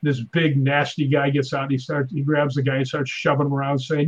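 A middle-aged man, a stuntman and paranormal investigator, telling animated stories in casual chat and acting out voices. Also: medium pitch, a little fast, few pauses, lo-fi sound.

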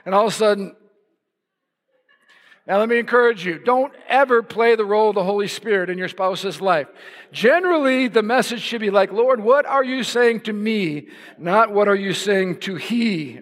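Brief: male preacher, impassioned, raises to shouts, big reverberant church sound. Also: sits high. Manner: impassioned, builds to shouts for emphasis. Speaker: pastor. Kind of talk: sermon. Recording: long hall reverb.

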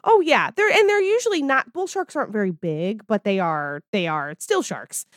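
Brief: woman co-host, chatty storyteller, lively up-and-down voice, dry close sound. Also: medium pitch, normal speed, no echo. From Maryland, USA. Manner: animated storyteller, laughs often, acts out quotes. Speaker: podcast co-host. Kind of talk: casual chat. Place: home.

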